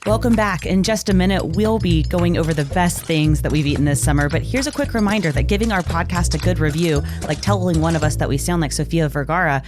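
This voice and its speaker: A woman hosting a podcast, moving segments along briskly. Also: on the low side, over music. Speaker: podcast host.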